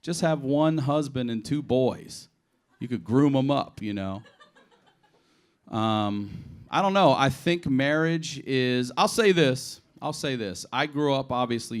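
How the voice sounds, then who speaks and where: A man from Baltimore doing improvised stand-up on a comedy club stage, telling profane, animated stories and acting out the quotes. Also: medium pitch, measured pace, clean tone. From Baltimore, USA. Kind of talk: improvised stand-up on audience requests.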